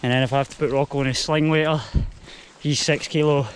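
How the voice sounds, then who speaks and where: His slightly high voice moves quickly and evenly as he walks up the trail chatting to his camera, with a little hiss or hum in the recording. This Scottish-accented young vlogger has Spanish heritage but English as his first language.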